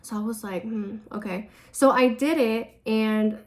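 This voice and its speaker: A young woman with a slightly high voice talks through viewer questions in a loose, chatty way. She is candid and swears freely, and her speech is full of "like" and "so" as she drifts into personal stories. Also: steady tone, measured pace. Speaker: vlogger answering viewer questions. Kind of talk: casual Q&A storytelling.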